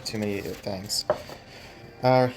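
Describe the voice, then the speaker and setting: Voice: low voice, fairly even intonation, slow, very noisy. Rules-checking tabletop player. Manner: methodical, checks the rules aloud. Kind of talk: playing a tabletop game.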